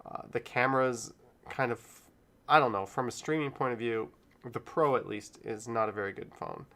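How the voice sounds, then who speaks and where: A man's voice: mid-range voice, fairly even intonation, moderate pace, fairly bright tone. A middle-aged man hosting a casual live stream, rambling in an easygoing way and chuckling often. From Canada.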